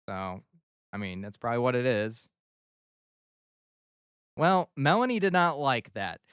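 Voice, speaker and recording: Male streamer, casual rambling banter, smooth tone, dry close sound. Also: medium pitch, expressive, moderate pace, long pauses, a bit bright, dry recording. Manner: joking, rambling, laughs at himself. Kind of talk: casual livestream chat.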